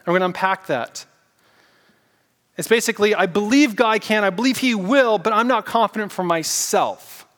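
A man preaching a casual, animated sermon and getting the congregation to repeat words back to him. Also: sits high, normal speed, big-room sound. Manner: casual, animated preaching with audience call-and-response. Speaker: pastor.

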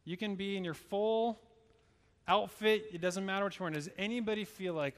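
A laid-back male pastor invites people forward in an easygoing, upbeat manner. His voice sits a bit high for a man, and his words come out loose and full of slang. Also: fairly quick, big-room sound. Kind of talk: casual preaching. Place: church service.

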